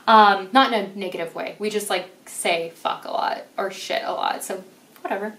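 A woman's voice: mid-range voice, normal speed, a bit bright, far from the mic. A young woman giving a casual, emphatic tarot reading to her viewers, gushing and swearing now and then. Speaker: tarot reader. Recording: echoey room, voice a bit off-mic.

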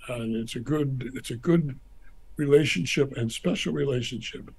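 Older male guest, raspy storyteller, slips into voices for quotes. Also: mid-range voice, normal speed, poor audio. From United States. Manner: animated storyteller acting out quotes. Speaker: former ambassador, guest. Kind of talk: anecdotal interview storytelling.

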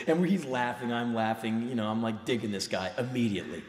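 A man's voice: medium pitch, fast, hardly any pauses. A man telling a story live on stage, intense and emphatic, acting out the dialogue. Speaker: spoken word performer. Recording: reverberant live hall recording.

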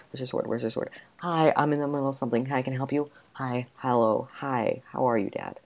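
A man's voice: medium pitch, steady tone, fairly quick, few pauses. A man giving gameplay commentary, frantically talking to himself as he plays. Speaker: gamer.

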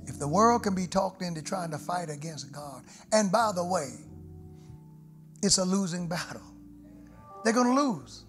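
A middle-aged man preaching from the pulpit, his voice a touch high for a man. He swings from hushed, prayerful murmurs to ringing shouts. Organ music plays clearly under him in a live church recording. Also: animated, normal speed, pauses often. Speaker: pastor. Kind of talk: sermon. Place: church sanctuary. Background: musical instruments.

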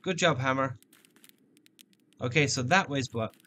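A man joking his way through a game, narrating each step in a playful running commentary. His voice is bright and forward, sitting at an ordinary pitch for a man. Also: measured pace, a little hiss or hum. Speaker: gameplay commentator. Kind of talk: let's play commentary.

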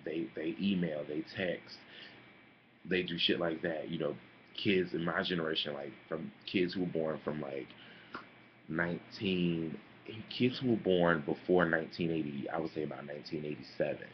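Sassy deep-voiced young man vlogging. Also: normal speed, dull audio, slight background noise. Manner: sassy, animated, calls listeners honey and girl. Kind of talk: casual opinion vlog.

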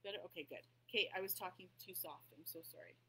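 A woman's voice: fairly low pitch, quick pace, sharp tone, slight background noise, low-quality recording. A woman hosting a casual craft tutorial at her table, chatting as she paints and often apologizing for her slips. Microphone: table mic that cuts out.

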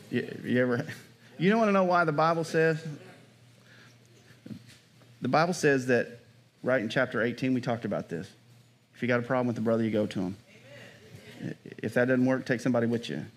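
A pastor preaching a sermon in a conversational way, often checking in with the congregation by asking "Amen?" and "right?". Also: male voice, medium pitch, a little fast, long pauses.

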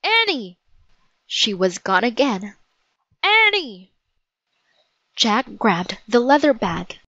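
A woman's voice: medium pitch, lively intonation, unhurried, fairly bright tone, no echo, lo-fi sound. A woman playing a panicky bookish boy. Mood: calling out. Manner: stammering, panicky when alarmed. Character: anxious, bookish young boy.

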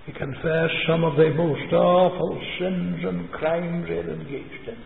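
Gravelly older Northern Irish preacher. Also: male voice, a little high, level tone, unhurried. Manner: storytelling with homely anecdotes. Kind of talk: sermon. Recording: echoey hall over a tinny phone-like line.

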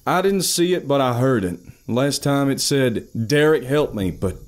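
A man voicing an excitable teenage boy who talks in an eager, emphatic way. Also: mid-range voice, unhurried, voice pushed up, natural voice. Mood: excited.

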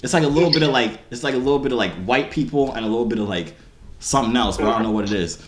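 A man's voice: mid-range voice, rapid-fire, reverberant, background noise. A young man hosting a video, bantering and teasing strangers in slangy casual chat. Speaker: video host.

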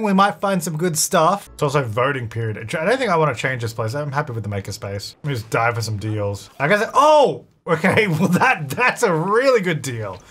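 A young man casually commenting on his gameplay, chatty and excitable, often talking to the characters on screen. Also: fairly high pitch. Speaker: gaming YouTuber. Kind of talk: casual let's-play commentary.

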